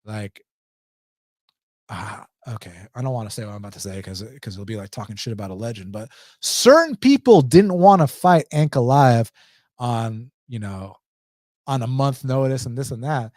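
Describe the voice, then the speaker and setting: Man, Atlanta accent, live stream host, blunt and slangy, mellow tone. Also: fairly low pitch, fairly even intonation, normal speed, dry recording, clean studio sound.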